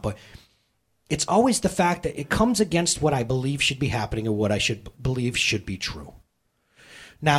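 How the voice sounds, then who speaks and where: A man in his thirties preaching a sermon, telling everyday stories with lively swings and sudden loud outbursts. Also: medium pitch, husky. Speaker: pastor.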